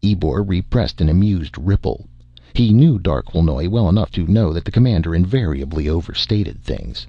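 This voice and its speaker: A man reading a science fiction story aloud in a measured, expressive way. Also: low voice, gravelly, no room sound, lo-fi sound. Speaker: narrator.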